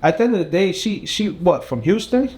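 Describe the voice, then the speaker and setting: A man's voice: high voice, animated, a little fast, a little mellow. A man co-hosting a podcast in casual chat, laid-back and rambling with filler phrases. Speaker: podcast co-host.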